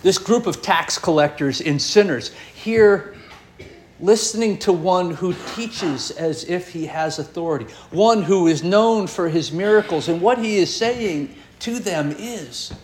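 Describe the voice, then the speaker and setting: High-voiced man preaching a sermon. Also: slight background noise. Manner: expressive preaching, pitch swinging high and low with pauses. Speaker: pastor.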